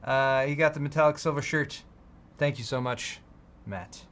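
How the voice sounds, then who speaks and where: A young man co-hosting a live tech show, casually reading out donations and shoutouts. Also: medium pitch, moderate pace. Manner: relaxed, reads out donations and shoutouts. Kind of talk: casual live-stream chat.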